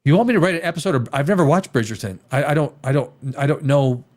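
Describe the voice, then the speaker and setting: Male host, a screenwriter, in a fired-up review rant: slightly high voice, lively pitch, halting restarts and profanity. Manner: animated, restarts often, swears, mimics dialogue. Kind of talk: ranting review chat.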